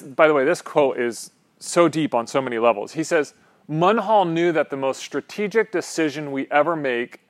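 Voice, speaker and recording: Casual, rambling male pastor preaching. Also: mid-range voice. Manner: casual, rambling, frequent "um" and "right?". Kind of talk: conversational sermon.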